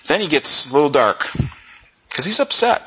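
A male pastor preaching a conversational sermon, often saying "you know" and jumping up in pitch for emphasis. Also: big pitch swings, normal speed, pushed and bright, husky. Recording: lo-fi dull sound.

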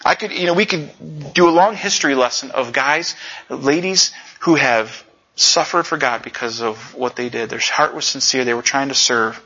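A male pastor preaching a conversational sermon, often saying "you know" and jumping up in pitch for emphasis. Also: normal speed, pushed and bright, husky. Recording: lo-fi dull sound.

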